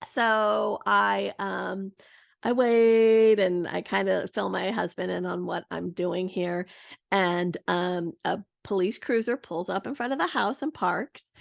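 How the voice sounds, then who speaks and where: A woman in her thirties hosting a podcast, telling a story in a chatty, lively way. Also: medium pitch, slow, gravelly, no echo, clean studio sound. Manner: chatty, lively, full of "like" and "you know". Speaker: podcast host. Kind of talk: casual storytelling monologue.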